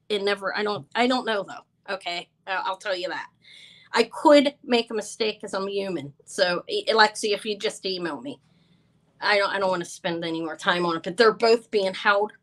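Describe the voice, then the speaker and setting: A woman's voice: mid-range voice, a bit bright, rough recording. A tired, stressed woman hosting a live jewelry sale, talking in a flustered, apologetic way with many stumbling restarts. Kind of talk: live-stream sales chat.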